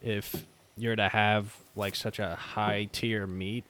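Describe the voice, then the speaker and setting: A young man in casual conversation, relaxed and laid-back, often pausing on fillers as he talks. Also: lowish voice, a little hiss or hum. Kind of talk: casual chat.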